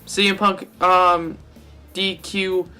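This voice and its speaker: A man's voice: high voice, level tone, takes it slowly, sharp tone, clear, resonant tone, soft background music. A young man rambling casually through a wrestling fantasy-booking monologue, correcting himself and cracking jokes as he goes. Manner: rambling, self-correcting and jokey. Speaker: wrestling fan vlogger.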